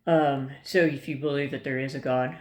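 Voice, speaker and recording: A woman's voice: a bass voice, fairly even intonation, normal speed, darkish tone. A woman vlogger talking casually to the camera, rambling and tangential, hedging her points with many ums and restarts. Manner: thoughtful, hedging. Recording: roomy, echoey room.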